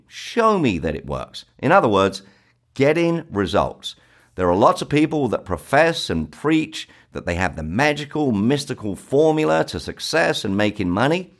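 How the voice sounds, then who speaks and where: A man with a South London accent giving a persuasive talk, firing off rhetorical questions and stressing key points. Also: on the low side. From South London, England. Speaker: success program presenter.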